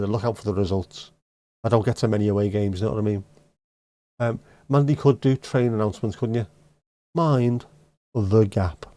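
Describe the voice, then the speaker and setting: A man's voice: medium pitch, dark tone, no room sound. A middle-aged man hosting a live stream, chatting casually and teasing viewers as he reads out their comments. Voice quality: joking, teasing banter. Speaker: livestream host.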